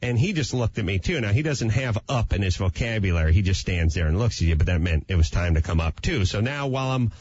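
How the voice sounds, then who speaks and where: A man, a talk show guest, telling a playful, self-mocking comic anecdote in a husky voice. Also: lowish voice, animated, quick pace, few pauses, darkish tone, lo-fi sound, a little hiss or hum.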